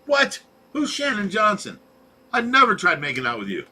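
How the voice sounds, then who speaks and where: Brief: man, livestream host, rowdy storyteller, bright husky voice. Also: sits high, normal speed. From Ohio. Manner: animated storyteller, laughs often. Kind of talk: casual storytelling chat. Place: home fish room.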